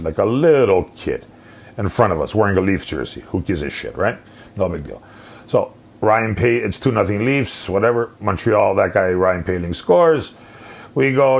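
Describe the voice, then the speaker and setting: A male podcast host telling an animated, profane story in a solo rant. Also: lowish voice, creaky.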